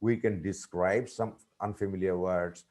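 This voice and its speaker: A man giving a webinar lecture on teaching vocabulary, speaking deliberately and spelling out words letter by letter. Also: low-pitched, steady tone, a little mellow. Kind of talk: lecture presentation.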